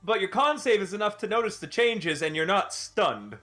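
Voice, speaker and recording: A man's voice: sits high, sing-song, moderate pace, sharp tone, soft background music. A man narrating a tabletop game as game master, playful and often laughing.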